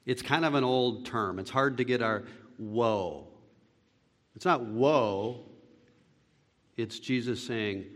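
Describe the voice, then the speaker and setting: A man preaching a sermon as pastor, swinging between loud, fervent lines and hushed ones, with deliberate phrasing. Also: lowish voice. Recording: long reverb of a hall.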